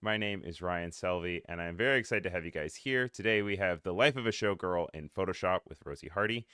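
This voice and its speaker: Smooth-voiced man hosting a live show. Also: low voice, a little fast, pushed and bright, no echo, clean studio sound. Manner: friendly, chatty, laughs easily. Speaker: livestream host.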